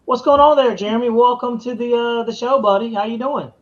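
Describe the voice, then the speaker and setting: Male podcast host, high voice, casual and laid-back, dull lo-fi stream sound. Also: steady tone. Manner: laid-back, drawn-out "dude" and "man", reads viewer comments aloud. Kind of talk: casual live-stream chat.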